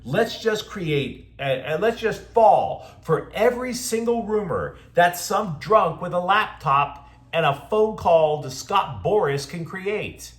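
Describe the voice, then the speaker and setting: A man's voice: high-pitched, lively intonation, slow pace, echoey room. A man hosting a sports show, delivering scripted commentary with sarcastic, mocking asides.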